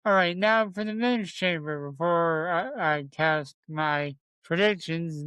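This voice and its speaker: A man's voice: fairly high pitch, takes it slowly, few pauses, sharp tone, clean tone, no echo. Podcast guy running the show, jokey, dry close mic sound. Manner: chatty, jokey, runs the show. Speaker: podcast co-host. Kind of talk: casual chat about wrestling predictions.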